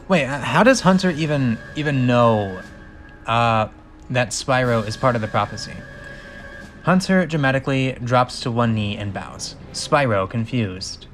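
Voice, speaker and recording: Man, script reading, incredulous asides, mid-range pitch, faint background music. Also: moderate pace.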